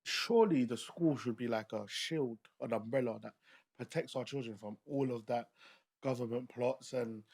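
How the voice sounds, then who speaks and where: A man's voice: mid-range voice, normal speed, a little mellow, husky. A man hosting a panel discussion, asking probing questions with frequent restarts. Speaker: host.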